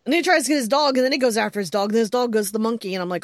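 Animated woman telling a wild story. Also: a little high, rapid-fire, no echo. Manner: animated storytelling, laughs often, rising exclamations. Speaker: podcast co-host. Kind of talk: casual chat. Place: home. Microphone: headset earphones.

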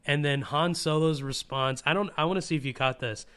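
A man talking excitedly and emotionally about a film in casual chat, with lots of fillers and restarts. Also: mid-range voice, moderate pace, hardly any pauses.

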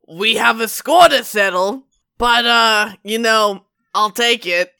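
A woman's voice: fairly high pitch, slow, gravelly, pushed and bright, clear, resonant tone, exaggerated voice. A woman voicing a cold, taunting female adventurer in a tabletop game.

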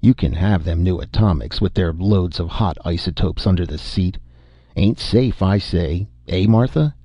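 A man voicing a burly, blunt middle-aged farmer who talks in a drawling, gruff way. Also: sits low, moderate pace, warm tone, no room sound.

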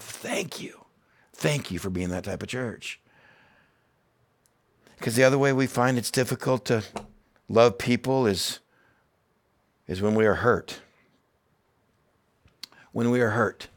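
A middle-aged man preaching a sermon as pastor, earnest and emphatic, repeating key phrases and dropping in casual asides. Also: medium pitch.

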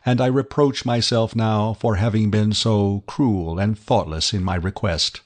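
Remorseful young gentleman, read by a man; earnest, lower-pitched, plain storybook delivery. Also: fairly even intonation, unhurried.

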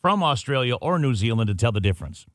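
A man's voice: medium pitch, very animated, fast talker, a bit bright, no room sound. A man hosting a morning radio show, running a quiz and teasing his co-host in studio banter. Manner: joking, teasing.

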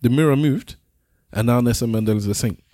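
A middle-aged man co-hosting a casual podcast chat, talking in halting bursts and repeating words as he starts a point. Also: medium pitch, mellow, no echo. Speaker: podcast co-host.

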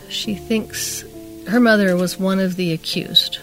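A woman's voice: on the low side, normal speed, fairly bright tone, faint music behind. A middle-aged woman casually telling a long personal story on a chat show, rambling and acting out what people said. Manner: rambling, chatty, re-enacts quoted dialogue. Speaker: podcast co-host telling a story.

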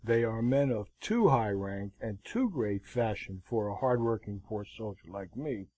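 A man voicing a stern, blunt middle-aged army colonel in an audiobook, speaking curtly and gravely. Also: lowish voice, expressive, measured pace, dark tone. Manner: curt, grave, frank.

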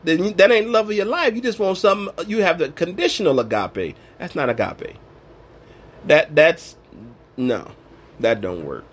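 Husky, animated preaching man. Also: a little high, normal speed. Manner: emphatic, colloquial preaching with acted-out quotes. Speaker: Bible teacher. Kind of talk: informal sermon.

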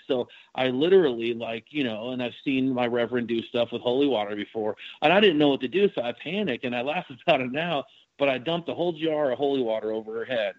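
This paranormal investigator speaks at medium pitch and a brisk pace, wandering through his story in a relaxed interview full of fillers and false starts. There's no room sound, and the audio comes across dry and a bit muffled.

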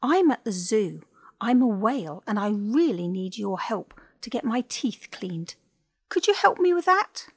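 A polite whale in a storybook, as a woman puts it on, pleading for help in a gravelly, husky voice that rises with hope. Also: medium pitch, very animated, a little slow, full character voice.

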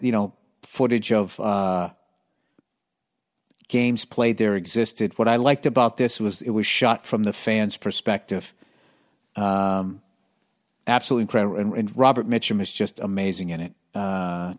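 A man, rambling through a solo podcast monologue, profane and sarcastic. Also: on the low side. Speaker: podcast host.

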